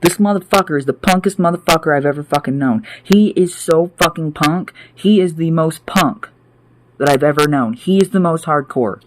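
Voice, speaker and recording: A man's voice: a little high, moderate pace, background noise. A man ranting to camera in an indoor room, heated, profane and emphatic, repeating his points. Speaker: vlogger.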